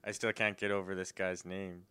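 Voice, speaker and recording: A man's voice: sits low, little pitch movement, moderate pace, pushed and bright, clear, resonant tone. A man interviewing a guest in casual chat, mostly giving brief reactions and short questions.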